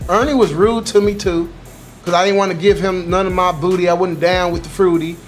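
A young man telling a story about an old job in an animated, profane, exaggerated way for his vlog. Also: high-pitched, a little fast, faint music behind. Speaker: YouTuber.

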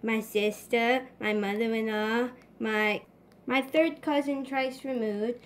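A woman's voice: fairly high pitch, steady tone, slow, pitched below the performer's own voice. A woman voicing a boastful toy pet actor who brags and then rattles off a long list of thank-yous.

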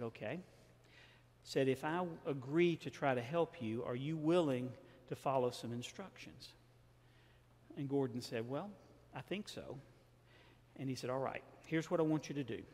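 A pastor with a Southern American accent tells a sermon story, slipping into the voices of its characters as he goes. His voice sits at an ordinary middle pitch for a man. The sound rings out with the long reverb of a large church sanctuary. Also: a little mellow. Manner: storytelling, acts out dialogue with shifting tone.

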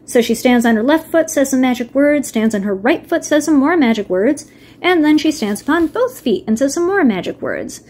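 Higher-voiced woman summarizing a story. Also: animated, moderate pace, darkish tone. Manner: wry asides mixed with read-aloud passages. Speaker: video reviewer. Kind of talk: casual book-summary narration.

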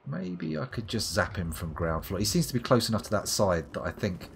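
Animated southern English man commentating a game. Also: lowish voice, fairly quick, gravelly, breathy edge. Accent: southern English, near London. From England. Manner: sardonic, swearing, muttering to himself. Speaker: streamer. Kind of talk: live gameplay commentary.

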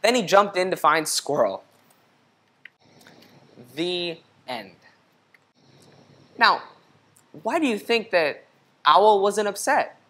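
Woman reader for a kids' story, low voice, lively, asks the child questions. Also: takes it slowly, pauses often. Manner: lively, questions the young listener. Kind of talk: reading a picture book aloud.

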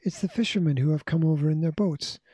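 A man's voice: fairly high pitch, fast talker, mellow, slightly rough, dry recording. A man reading as an urgent tomboy girl. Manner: urgent, pleading. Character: determined anxious tomboy girl.

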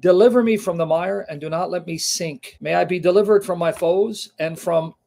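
This is a man who hosts a conversation and reads scripture passages aloud with a fervent, emphatic delivery. His voice sits a little higher than most men's. Between passages he turns to his guest and checks in with short questions. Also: normal speed, gravelly, warm tone. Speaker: host. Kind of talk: scripture reading with commentary in conversation.

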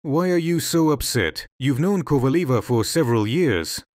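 A man's voice: mid-range voice, animated, moderate pace, a little mellow, no room sound, close to an everyday voice. Man playing a fed-up nurse, audio storybook, dry close read. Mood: frustrated. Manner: frustrated venting. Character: upset female hospital nurse, weary.

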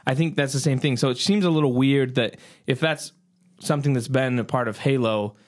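A man's voice: mid-range voice, a little fast. Joking podcast man. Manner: joking, laughs often. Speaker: podcast co-host. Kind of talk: casual chat.

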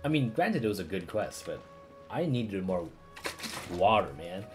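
A man streaming a game, chatting casually and cursing as he reacts. His voice is low but lively, rising and dipping a lot. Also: a little slow, music in the background. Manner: casual, swears freely, laughs often. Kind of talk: casual gaming commentary.

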